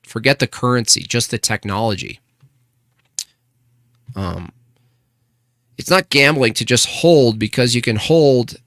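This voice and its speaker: A man's voice: medium pitch, bright, forceful tone, no echo, studio quality. A man hosting a casual live stream, arguing with chat and asking pointed rhetorical questions. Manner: argumentative, rhetorical questions, restarts.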